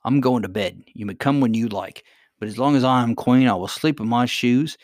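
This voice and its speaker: A man's voice: medium pitch, moderate pace, darkish tone, no room sound, clean studio sound, close to an everyday voice. A man voicing a spiteful, haughty goblin queen in an imperious, scornful manner. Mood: triumphant.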